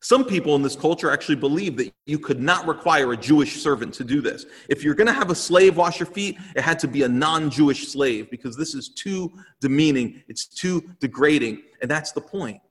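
A man's voice: a little high, expressive, brisk, few pauses. A male pastor giving an earnest, emphatic sermon in a church sanctuary. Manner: earnest, emphatic preaching with repeated phrases. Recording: long hall reverb.

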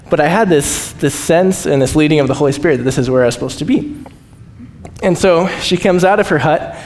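A man preaching as a missionary, telling stories with lively acted-out voices and frequent laughs. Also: brisk. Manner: animated, acts out quoted voices, laughs often. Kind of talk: storytelling sermon. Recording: echoey hall, faint rumble.

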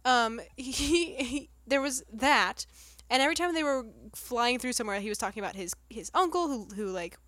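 A woman co-hosting a casual movie review chat, telling stories with lively asides and acting out her own reactions. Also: moderate pace, dry recording. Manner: animated storyteller, quotes herself in a higher voice. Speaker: podcast co-host.

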